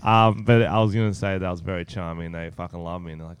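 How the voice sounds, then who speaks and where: A man's voice: sits low, fast, hardly any pauses, clean tone. An Australian man in his thirties, co-hosting a podcast in casual, swearing banter with frequent laughter. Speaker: podcast co-host. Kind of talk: casual chat.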